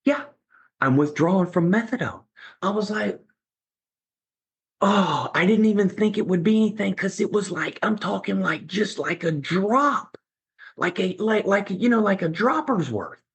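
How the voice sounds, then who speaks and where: Middle-aged male guest, husky and lively, storytelling with voiced quotes. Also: sits high, measured pace. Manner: animated, acts out other people's lines. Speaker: podcast guest. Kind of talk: conversational storytelling.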